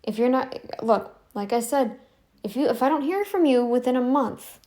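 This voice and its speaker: Woman ranting at home, kinda high voice, keeps repeating herself and restarting. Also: animated, moderate pace, warm tone. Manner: confrontational, repeats demands, many restarts. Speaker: YouTube commentary channel host. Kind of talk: casual direct-to-camera monologue. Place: home room, not in frame.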